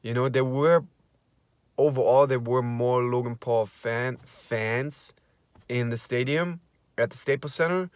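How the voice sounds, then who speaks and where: A young man in a casual vlog, excitedly recapping an event he attended, gushing, repeating himself and swearing now and then. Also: mid-range voice, measured pace, clear, resonant tone, no room sound, clean studio sound. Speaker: vlogger.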